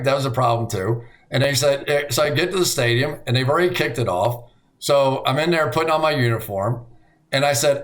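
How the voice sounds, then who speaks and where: A middle-aged man co-hosting a podcast in casual chat, telling stories with lively acted-out quotes. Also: fairly quick. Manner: animated storyteller, acts out quotes with big pitch jumps. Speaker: podcast co-host.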